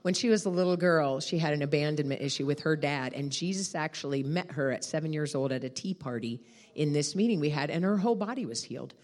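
A woman's voice: low-pitched, fast. A middle-aged woman preaching a sermon as a guest speaker, telling stories with laughter and exclamations. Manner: animated storytelling, laughing and shouting.

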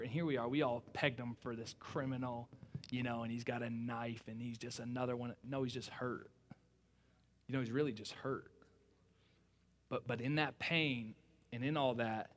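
A young man preaching a sermon in a casual, conversational way, retelling a story with lots of fillers and a hushed voice for the quoted dialogue. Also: medium pitch. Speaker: pastor.

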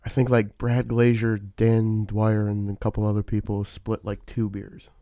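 A man guesting on a comedy podcast, friendly and quick to agree and laugh. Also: on the low side, monotone, dark tone, no echo, clean studio sound. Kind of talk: casual comedic chat.

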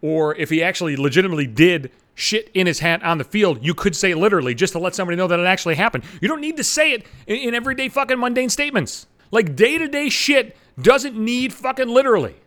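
Fast, profane ranting man. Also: high-pitched, lively intonation, a bit bright. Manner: swears constantly, exasperated ranting. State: slurring slightly. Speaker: podcast host. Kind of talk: profane comedic rant.

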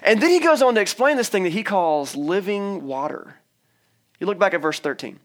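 A man's voice: fairly high pitch, lively intonation, a little fast, a bit bright. A young man preaching a casual sermon, retelling a scripture story in a conversational way and acting out the characters' lines. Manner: conversational, acts out the characters' lines with playful voices. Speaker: pastor.

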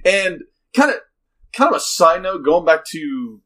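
A man's voice: sits high, very animated, measured pace, fairly bright tone. A man co-hosting a casual movie review podcast, talking with hesitations and repeated words. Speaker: podcast co-host.

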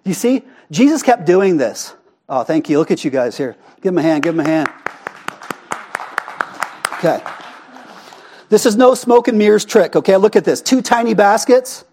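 A man preaching a sermon in a church, animated and conversational, often asking the congregation questions. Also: high voice, moderate pace, long pauses, slight background noise. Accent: Arizona. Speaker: pastor. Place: church sanctuary.

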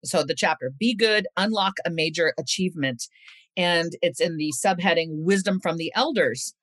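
Expressive woman author reading aloud. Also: lowish voice, no echo. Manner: expressive, slows down and speeds up for emphasis. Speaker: author and guest. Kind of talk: interview chat and reading from her own book.

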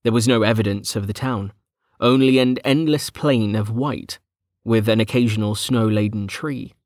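A man narrating a fantasy web novel as an audiobook, in a steady, measured storytelling manner. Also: on the low side, dry recording, studio quality. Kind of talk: scripted narration.

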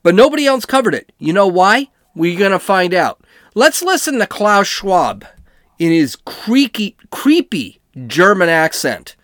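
Man, high voice, lively swings, sarcastic podcast host, dry close sound. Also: unhurried, no room sound. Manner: animated, sarcastic, ranting. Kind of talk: casual political commentary.

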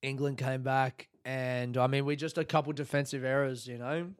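A man's voice: mid-range voice, normal speed, clean tone, dry recording, studio quality. An Australian man hosting a podcast alone, telling stories casually with lots of swearing and getting worked up as he talks. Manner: sweary, animated storytelling, gets worked up. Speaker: podcast host. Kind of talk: casual solo podcast monologue.

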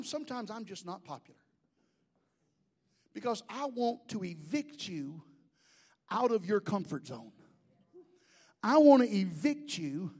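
High-voiced preaching man, shouting and joking. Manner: swings from shouting to quiet asides, folksy humor. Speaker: pastor. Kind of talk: sermon.

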